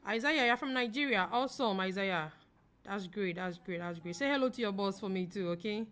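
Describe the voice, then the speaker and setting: A young woman from Ghana hosting a live trading stream, talking fast as she reads viewer comments aloud and answers them. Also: mid-range voice, a bit bright. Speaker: forex trading livestream host. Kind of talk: casual livestream chat reading viewer comments.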